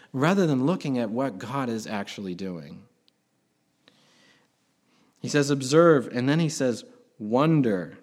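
Male pastor, mid-pitched voice, conversational sermon with sudden emphatic swells.

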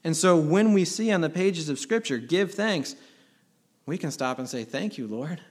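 A man's voice: a little high, lively intonation, normal speed. A middle-aged man, a pastor, preaching a sermon in an earnest, emphatic way, asking rhetorical questions.

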